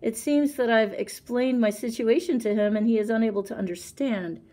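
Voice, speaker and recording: A woman's voice: fairly high pitch, moderate pace, warm tone, close to an everyday voice. A woman voicing an anxious, learned holy man who speaks formally and sounds put-upon. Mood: nervous.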